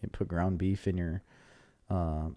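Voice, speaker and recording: Man, lowish voice, easygoing podcast banter, laughs a lot. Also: flat delivery, measured pace, warm tone. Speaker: podcast co-host. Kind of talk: casual chat.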